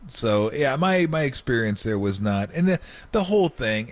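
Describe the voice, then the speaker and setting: A man's voice: medium pitch, normal speed, no echo. A middle-aged man, a former player, telling stories on a sports radio show and acting out the quotes. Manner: animated storyteller, acts out quotes, laughs often. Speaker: former basketball player guest. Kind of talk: radio sports talk storytelling.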